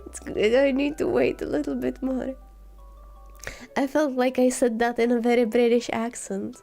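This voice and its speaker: High-voiced woman, kinda sick with a scratchy throat, slow soft cozy stream chat, faint music behind. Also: flat delivery, gravelly. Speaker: vtuber streamer. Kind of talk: casual chat.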